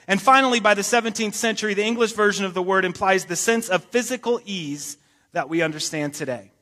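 In a church sanctuary, a pastor preaches in a casual style, tossing in joking asides and reading scripture with emphasis. His high-pitched voice is brisk, pushed and bright, echoing in the large hall.

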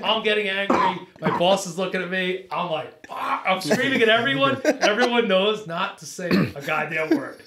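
A man, a boat captain, telling a long fishing story on a podcast in a lively, profane way, acting out his own lines. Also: on the high side.

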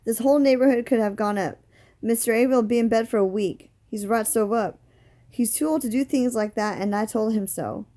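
A woman reading aloud, voicing a spirited older neighbor lady with folksy, lively speech. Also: fairly high pitch, fairly quick, lightly acted.

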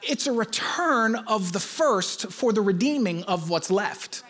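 A man's voice: sits high, expressive, measured pace, fairly bright tone. A male pastor preaching, emphatic and teaching, repeating his key points. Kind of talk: sermon.

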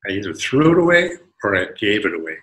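A man giving a devotional talk as a spiritual teacher, telling a personal story in an animated way. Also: fairly low pitch, quick pace, rough recording. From United States. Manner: animated storyteller, acts out quotes in a raised voice.

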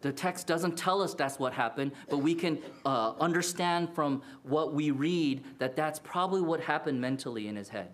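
Animated male pastor preaching. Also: fairly high pitch, normal speed, hardly any pauses. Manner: earnest, animated preaching with acted-out quotes and restarts. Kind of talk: sermon.

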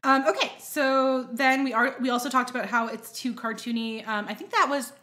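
A woman co-hosting a casual podcast about films. She talks in a chatty, meandering way with lots of fillers, and her voice sits fairly high. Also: steady tone, fairly quick, sharp tone. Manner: chatty, hedging, frequent fillers and laughs. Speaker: podcast co-host. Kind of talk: casual film discussion.

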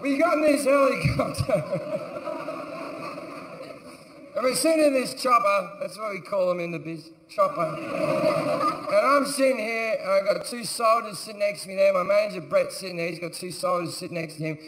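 Profane comic, high-pitched, echoey hall. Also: male voice, normal speed, pauses often, heavy background noise. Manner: profane, sardonic, acts out characters with shouts. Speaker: stand-up comedian. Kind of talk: stand-up storytelling. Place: large theatre stage. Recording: echoey live theatre recording. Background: audience laughter.

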